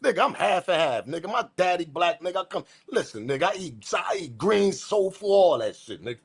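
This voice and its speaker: A man hosting a news commentary channel, ranting in a profane, slangy, repetitive way, swinging from muttering to shouting. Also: a little high, animated, fairly quick, vocal fry, few pauses, husky. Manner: profane, repetitive, slangy, keeps saying respectfully. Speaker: host.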